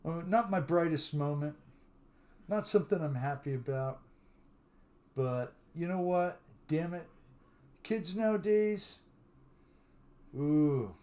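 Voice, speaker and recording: Unhurried older man chatting on a stream. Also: on the high side, animated, mellow. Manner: chatty storyteller who greets viewers by name; drawling, unhurried talk. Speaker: live stream host. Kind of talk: casual live stream chat.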